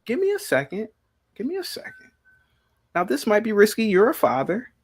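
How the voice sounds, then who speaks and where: Combative man with lively swings in pitch. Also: normal speed, creaky, breathy edge. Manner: combative, repeats questions insistently. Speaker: podcast host. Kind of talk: heated live-stream debate.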